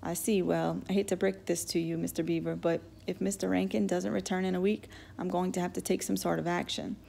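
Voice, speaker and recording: A woman voicing a kindly, soft-spoken male sheriff who questions a boy gently and awkwardly. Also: fairly low pitch, little pitch movement, brisk, gravelly, a little hiss or hum.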